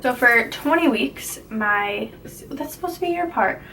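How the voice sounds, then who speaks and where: A woman's voice: on the high side, lively intonation, a little slow, bright, forceful tone. A young woman chatting casually in a pregnancy update vlog, rambling with fillers and giggling easily. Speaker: vlogger sharing a pregnancy update. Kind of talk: casual chat. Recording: slightly distant mic with faint noise.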